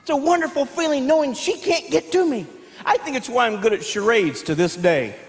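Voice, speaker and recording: Guy doing stand-up, really high voice, big echoey hall, animated storyteller. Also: brisk. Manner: animated storytelling, acting out family members in loud barked voices. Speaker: stand-up comedian. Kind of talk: stand-up comedy on stage. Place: large hall with live audience. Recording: echoey hall with faint background noise.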